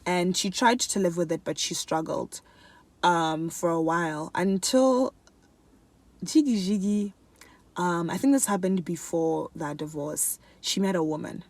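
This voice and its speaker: A young woman chatting casually to camera in a favourites vlog, animated and laughing often, switching between English and another language mid-sentence. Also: fairly low pitch, unhurried, no room sound. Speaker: beauty and lifestyle vlogger. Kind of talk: casual chat.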